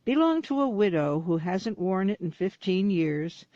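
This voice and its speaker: A woman reads a short mystery story as an audiobook narrator, lightly shading each character's lines. Her delivery is steady and unhurried, in a dry setting with little room sound. The audio is a little dull and lo-fi. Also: medium pitch, no room sound. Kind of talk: scripted narration.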